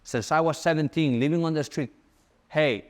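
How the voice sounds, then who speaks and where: A young man giving a casual sales-coaching talk, fast and animated, repeating his key points. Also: fairly high pitch.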